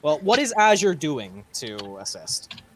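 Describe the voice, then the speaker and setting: A man's voice: fairly high pitch, big pitch swings, measured pace, slight background noise. A man running a tabletop game as game master, casual and laughing, with frequent swearing.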